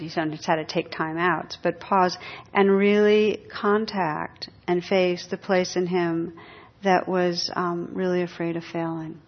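A woman meditation teacher giving a dharma talk to a live audience, reflective and pausing, laughing at her own jokes. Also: on the low side, steady tone. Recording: dull lo-fi talk recording.

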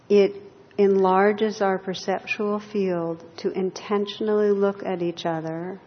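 A woman meditation teacher giving a gentle, reflective dharma talk to a group in a hall. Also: mid-range voice. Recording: lo-fi hall recording with long reverb.

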